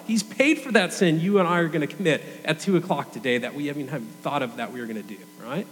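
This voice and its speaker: A man's voice: fairly high pitch, fast talker, few pauses, in a large hall, a little hiss or hum. A young adult man preaching a sermon in a conversational, earnest way.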